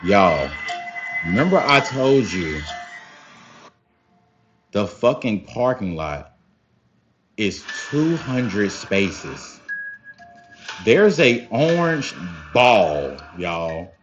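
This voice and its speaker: A young man telling a story casually to his viewers, animated and profane, often calling them y'all. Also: fairly low pitch, drawn-out words, pauses often. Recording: slightly dull lo-fi sound with faint music.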